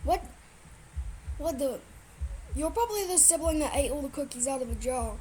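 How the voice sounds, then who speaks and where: Aussie woman, high voice, blunt and excitable reaction chat, swears a lot. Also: normal speed, noisy background. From Australia. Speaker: reaction vlogger. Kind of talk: casual reaction commentary.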